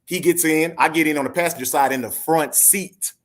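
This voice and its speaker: A man's voice: fairly high pitch, brisk. Earnest man in his forties telling a story. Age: 40s. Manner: earnest, addresses listeners directly. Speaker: podcast co-host. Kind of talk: casual storytelling.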